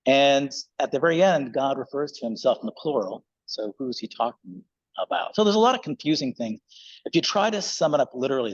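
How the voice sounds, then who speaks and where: A man's voice: mid-range voice, breathy edge, lo-fi sound. A male pastor giving a casual, conversational sermon in a church, with loose fillers.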